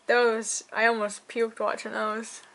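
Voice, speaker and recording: A woman's voice: on the high side, flat delivery, slow, a bit bright. A young woman hosting a reaction video, rambling with lots of fillers, hiccuping and up late at night. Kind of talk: casual reaction commentary.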